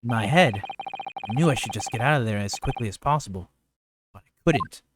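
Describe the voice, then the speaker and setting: A man's voice: medium pitch, expressive, a little fast, background noise, close to an everyday voice. A man reading as an indignant killer journalist. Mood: brooding. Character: bitter vengeful male journalist who turned killer. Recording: background game music.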